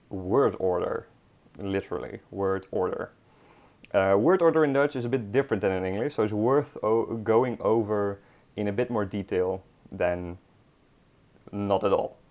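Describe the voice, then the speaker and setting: A man's voice: lowish voice, darkish tone. A young man teaching a beginner language lesson online, hesitant with many ums and restarts, with dry humor. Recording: dull lo-fi recording.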